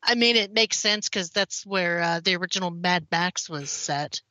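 A woman's voice: fairly low pitch, normal speed, pushed and bright, dry recording, rough recording. A woman co-hosting a games podcast, reading news in a casual, chatty way and drifting off topic easily. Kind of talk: casual chat.

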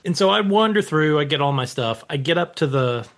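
A man's voice: a little high, animated, a little fast, fairly bright tone. Man, easygoing co-host, anecdotal rambler. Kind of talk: casual chat.

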